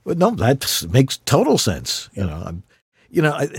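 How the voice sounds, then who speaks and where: A man's voice: mid-range voice, normal speed, gravelly, husky, no echo, studio quality. A man hosting a casual interview, rambling and playful as he asks questions. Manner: rambling, animated, playful asides. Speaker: podcast host.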